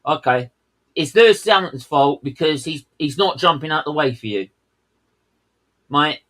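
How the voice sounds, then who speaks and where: A man's voice: on the high side, lively intonation, normal speed, a bit bright, poor audio. Fuming man ranting over a race. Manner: heated, swearing, fuming outbursts. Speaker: co-host of a race watchalong. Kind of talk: live race commentary rant.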